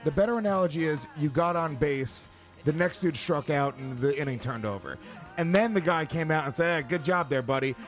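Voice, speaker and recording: A man's voice: fairly high pitch, lively intonation, moderate pace, soft background music. A man hosting a comedy podcast, interrupting and ribbing his co-host while he argues his point. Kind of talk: casual podcast banter.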